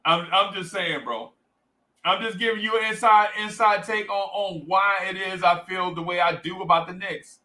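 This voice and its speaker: At a moderate pace and in a voice that sits high, a man hosting a livestream tells an animated story, imitating voices and reading chat comments aloud. The recording is rough.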